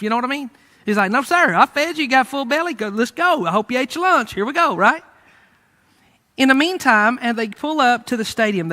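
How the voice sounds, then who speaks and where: Male preacher, high-pitched, casual storyteller giving a sermon. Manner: lively storytelling, conversational, with fillers. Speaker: pastor.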